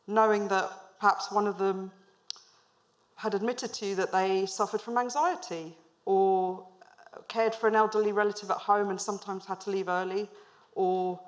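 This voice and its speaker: A woman in her thirties, a managing director, giving a storytelling business talk on stage to a live audience, asking them questions with light humor. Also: medium pitch.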